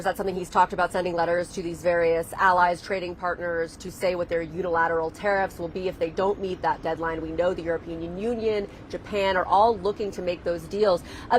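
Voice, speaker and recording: A woman correspondent giving a steady live news report. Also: fairly low pitch, slight background noise, rough recording.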